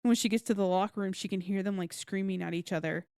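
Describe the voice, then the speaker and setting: A woman's voice: medium pitch, quick pace, vocal fry, smooth, no echo. Woman retelling a book plot, dry sound. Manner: animated retelling with acted quotes and swearing. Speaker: podcast co-host. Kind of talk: casual book review chat.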